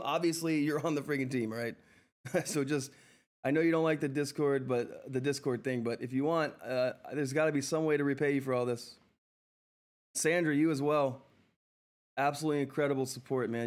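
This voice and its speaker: A man hosting a live stock-trading stream, flustered and effusive, thanking viewers again and again and laughing often. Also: fairly high pitch. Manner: excitable, flustered exclamations. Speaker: livestream host reading viewer chat. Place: seated in a chair at home.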